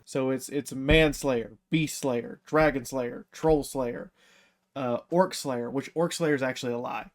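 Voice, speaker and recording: A man's voice: mid-range voice, steady tone, a little slow. A man on a casual podcast, talking enthusiastically about a book and swearing casually.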